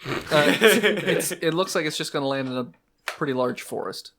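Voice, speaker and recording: Man, game master, easygoing narration, gravelly tone. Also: on the high side, lively intonation, normal speed, fairly bright tone. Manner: laid-back, laughing often while narrating.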